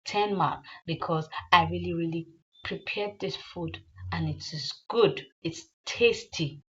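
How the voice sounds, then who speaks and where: A woman's voice: fairly low pitch, unhurried, muffled recording, lightly acted. A woman voicing a boastful young man. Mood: insistent. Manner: insistent, self-praising. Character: boastful young man proud of his cooking.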